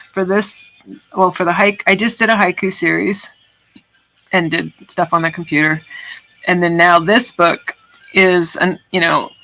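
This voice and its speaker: A woman's voice: lowish voice, gravelly, bright, forceful tone, rough recording. A woman artist chatting casually on a livestream while she works, rambling and swearing now and then. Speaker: artist streaming her work. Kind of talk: casual livestream chat while making art.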